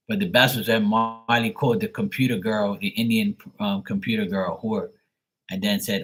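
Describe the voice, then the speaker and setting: A man with a low, husky voice tells stories from his stream in loose, rambling chat. He swears freely and mocks the trolls, often breaking into laughter. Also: fairly even intonation, slow, long pauses, fairly bright tone. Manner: profane, mocking, laughs often. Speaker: livestream host.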